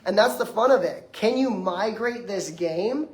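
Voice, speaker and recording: A man's voice: high-pitched, animated, a little slow. A man in his twenties giving an emphatic, conversational motivational lecture, speaking directly to the audience in front of him. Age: 20s. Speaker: detox practitioner giving a lecture. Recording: echoey room.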